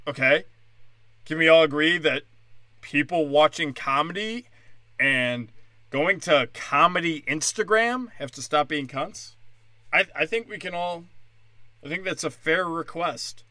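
Male comedian, podcast monologue, angry sarcastic profane rant, tense bright delivery in a dry booth. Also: a little high, a little slow, no room sound.

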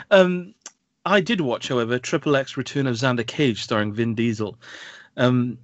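A man's voice: medium pitch, normal speed, no echo. Sex: man. Role: podcast co-host. Style: rambling casual film chat with lots of fillers. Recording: dry, dull lo-fi sound. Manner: chatty, rambling with frequent fillers and self-corrections.

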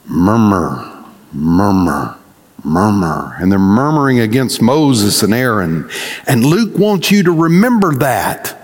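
A man preaching a sermon as pastor, telling stories in an animated, folksy way. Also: medium pitch, measured pace, long reverb tail.

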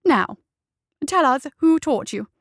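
A woman's voice: sits high, expressive, slow, dry recording, clean studio sound, voice pushed up. A woman voicing a fierce, commanding marshal. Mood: menacing.

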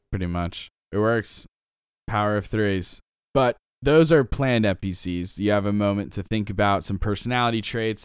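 A man co-hosts a podcast about game mastering and chats casually, handing out tips with frequent laughs. His voice sits low and sounds smooth and clear. The recording is close and dry. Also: dry recording. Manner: chatty, laughs often, advice-giving.

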